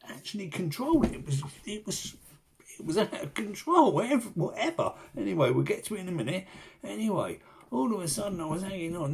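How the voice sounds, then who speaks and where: Brief: male vlogger, middle-aged, husky, swears a lot, rambling yarn-teller. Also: fairly high pitch, a little mellow. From England. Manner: swears freely, rambling anecdotal delivery with restarts. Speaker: fishing channel host. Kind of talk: casual storytelling to camera.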